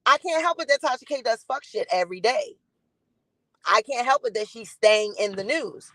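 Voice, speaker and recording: A woman's voice: fairly high pitch, animated, moderate pace, bright, forceful tone, no echo, low-quality recording. Blunt, defiant woman live-stream host. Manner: blunt, defiant, swears freely; greets chat viewers by name. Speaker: gossip commentary host.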